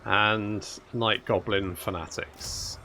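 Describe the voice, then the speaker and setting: A man's voice: lowish voice, fairly even intonation, slow pace, bright, forceful tone, a little hiss or hum. A man hosting a strategy game let's play, commenting as he plays, given to swearing and exasperated outbursts. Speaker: gaming channel host.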